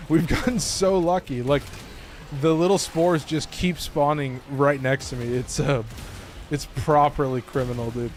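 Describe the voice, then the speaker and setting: A man's voice: on the high side, slight background noise. A man live-streaming a video game, chatting casually with viewers, joking and laughing often. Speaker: gaming streamer.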